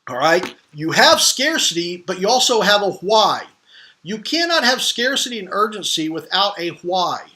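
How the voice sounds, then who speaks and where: A man's voice: high voice, sing-song, moderate pace, sharp tone. Emphatic man teaching marketing online. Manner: emphatic, questioning the audience, many restarts. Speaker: marketing trainer. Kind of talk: live online marketing class.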